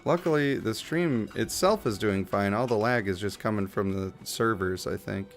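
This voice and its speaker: A man's voice: fairly low pitch, moderate pace. A man live-streaming a game, chatting and joking casually and slipping into silly voices. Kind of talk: casual gameplay commentary. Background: game music.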